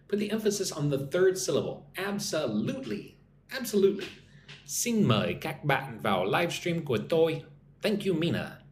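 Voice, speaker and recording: Guy running an english lesson live, lively up-and-down voice, echoey room with a bit of hum, reads out chat comments. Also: mid-range voice. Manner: chatty, reads viewer comments aloud and greets them in their languages; explains slang slowly with example sentences. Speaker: English teacher. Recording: roomy echo with faint background hum.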